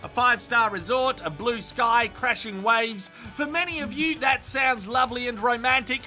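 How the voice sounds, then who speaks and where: Sardonic high bright-voiced man narrating. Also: moderate pace, soft background music. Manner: sardonic, crude commentary. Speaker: comedic video narrator. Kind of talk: scripted comedic voice-over.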